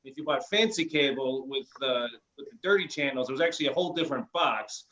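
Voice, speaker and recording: A man with a Chicago accent telling a deadpan stand-up story. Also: medium pitch, fast. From Chicago area. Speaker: stand-up comedian. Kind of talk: online stand-up set. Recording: lo-fi stream audio.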